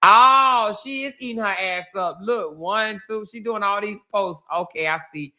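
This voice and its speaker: A woman's voice: mid-range voice, unhurried, sharp tone. A woman hosting a live stream with casual, sassy commentary, teasing and laughing as she reacts.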